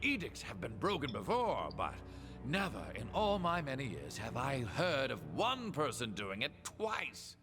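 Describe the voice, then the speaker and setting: A man's voice: mid-range voice, very animated, measured pace. A man voicing an elderly male sage in a video game, who lectures in a dramatic, proverb-like way. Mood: astonished.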